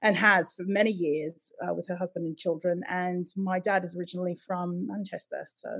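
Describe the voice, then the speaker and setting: A woman from Hawaii talking as a podcast guest, chatty and animated and laughing often. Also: fairly low pitch, a little fast, creaky. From Hawaii, United States. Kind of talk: casual interview chat.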